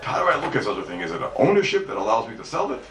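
A man's voice: medium pitch, very animated, rapid-fire. A man teaching Talmud to a congregation as a rabbi, emphatic, asking and answering his own questions and repeating key points. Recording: echoey room mic from far off, faint background noise.

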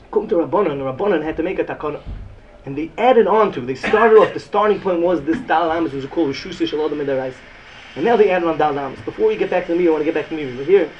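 A man giving an excited Talmud lecture. He repeats phrases often and mixes Yiddish and Hebrew terms into his English. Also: sits high. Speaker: Talmud teacher.

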